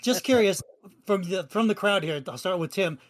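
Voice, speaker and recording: A man's voice: sits high, normal speed. A man hosting a podcast, introducing old radio clips in casual, chatty talk with easy laughter. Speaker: podcast host.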